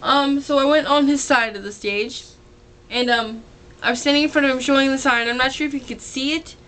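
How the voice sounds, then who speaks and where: A woman's voice: high-pitched, steady tone, a little fast, a bit bright. A teenage girl telling a concert story to the camera in a chatty way, full of "like" and quoted voices. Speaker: vlogger. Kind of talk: casual storytelling.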